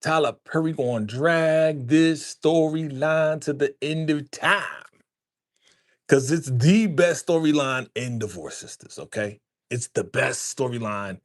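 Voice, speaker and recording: Man, live-stream host, casual chat, slangy, repeats himself, calls viewers fam, mid pitch, podcast mic. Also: unhurried. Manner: loose, repetitive, slangy, addresses viewers as fam. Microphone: podcast dynamic microphone.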